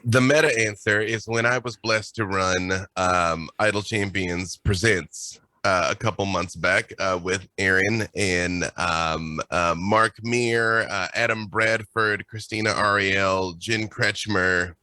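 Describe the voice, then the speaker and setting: A playful man tells stories in quick, animated bursts, laughing as he goes. His tone is bright and forward. The sound is dry and close to the mic. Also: low-pitched, no room sound. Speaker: guest game master. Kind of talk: casual chat, animated storytelling.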